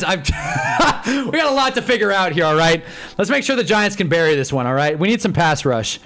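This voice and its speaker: A young man hosting a live stream, commenting on a football game as he watches, swinging from glum muttering to excited shouting. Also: a little high.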